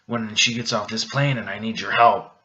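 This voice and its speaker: A man doing a brash male hunter, blunt and insulting, British slang, bright edge to the voice, dull lo-fi sound. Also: lowish voice, fairly even intonation, moderate pace. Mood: scornful.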